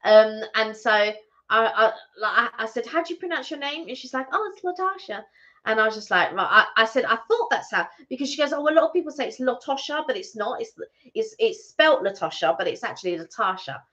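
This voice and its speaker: A chatty woman co-hosts a relaxed live stream, her voice high, bright and bouncing all over as she rambles through stories and trips over her words. The sound is a little dull and lo-fi. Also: fairly quick. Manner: chatty, rambling storyteller with many restarts. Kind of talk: casual live-stream chat. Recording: slightly muffled lo-fi stream audio.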